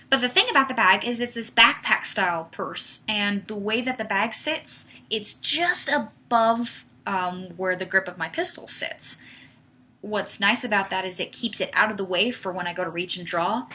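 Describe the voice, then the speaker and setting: The host, a young woman, has a medium-pitched voice with a sharp tone. On her casual livestream she responds to viewer questions chattily, relying a lot on "like" and "um."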